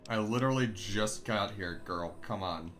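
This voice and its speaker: A man's voice: on the low side, normal speed, fairly bright tone, slight background noise. A man who is a streamer and voice actor, rambling and thinking aloud in casual gameplay commentary.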